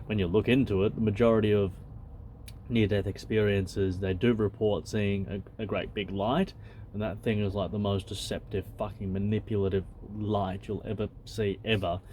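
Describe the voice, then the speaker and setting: A man's voice: on the low side, level tone, normal speed, a little mellow, slight background noise. A man, a channel host who reads a spiritual text aloud and comments on it in a blunt, loose and conversational way, swearing freely.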